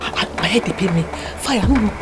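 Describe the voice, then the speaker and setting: A woman's voice: medium pitch, lively intonation, a little fast, close to an everyday voice. A woman with a Nigerian Pidgin accent playing a worried house worker who speaks urgently, in a film scene with music under it. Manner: urgent, pleading. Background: background music.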